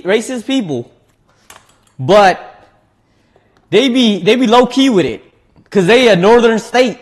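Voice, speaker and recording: Male streamer, loose talky read, slightly high voice, laughs and restarts often. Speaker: streamer reading chat. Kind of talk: casual cooking livestream chat.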